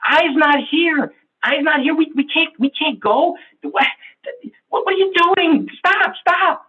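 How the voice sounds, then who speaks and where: A man voicing an overexcited, people-loving coworker in a training story, gushing in a high, breathless way. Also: big pitch swings, moderate pace, breathy edge, phone-quality sound, exaggerated voice. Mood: panicked. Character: overexcited people-loving coworker who frets when someone is missing.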